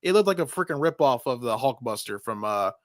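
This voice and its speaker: A man's voice: medium pitch, fairly quick, no echo, studio quality. A man co-hosting a casual movie review podcast, swearing freely and putting on mocking voices. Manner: profane, animated, does mocking voices. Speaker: podcast co-host.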